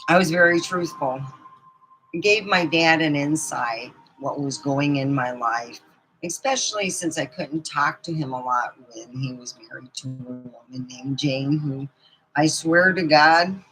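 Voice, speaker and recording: A woman's voice: low voice, a little slow, a bit bright, soft background music, low-quality recording. A middle-aged woman telling rambling personal stories in a casual vlog, laughing often as she goes. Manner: rambling, chatty, laughs often mid-story. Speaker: vlogger.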